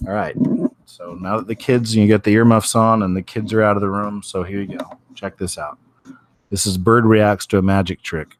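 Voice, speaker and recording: A man's voice: on the low side, fairly even intonation, normal speed, slight background noise. A man casually commenting on news stories and clips, chatty and laid-back with trailing asides. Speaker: video commentator.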